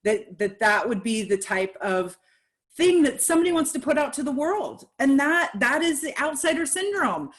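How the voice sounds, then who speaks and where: Woman guest, candid and lively, slightly higher voice, chatty podcast tone. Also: normal speed. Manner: candid and animated, acts out quoted reactions. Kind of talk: casual podcast conversation.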